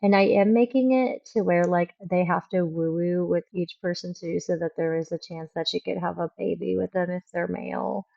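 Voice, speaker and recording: A woman's voice: on the low side, fairly even intonation, moderate pace, gravelly, hardly any pauses, dark tone, dull audio. A young woman streaming a game, chatting casually and rambling with lots of fillers. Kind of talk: casual gameplay commentary.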